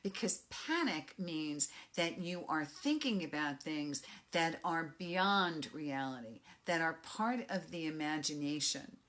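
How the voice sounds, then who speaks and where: A woman's voice: deep voice, a bit bright. A middle-aged woman with a New York accent, a life coach giving a direct, emphatic motivational talk. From Bronx, New York. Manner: emphatic and direct, punches key phrases. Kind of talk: motivational monologue.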